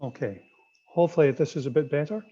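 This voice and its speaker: A Scottish man with a slight accent presents a webinar over a video call, speaking fast in a warm, fairly high voice. He sounds hesitant, with lots of ums and restarts. His computer mic gives muffled video-call audio.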